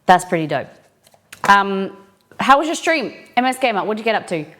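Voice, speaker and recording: A woman's voice: medium pitch, very animated, moderate pace, fairly bright tone. Chatty woman hosting a cooking stream. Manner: chatty, greets chat viewers by name. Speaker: live-stream cooking host. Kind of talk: casual live-stream chat.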